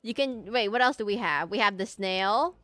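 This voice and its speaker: This woman's voice is mid-range, animated and a bit bright, at a normal speed, in a dry recording with soft background music. She's streaming live while drawing requests, chatting casually to her viewers in a rambling, self-amused way.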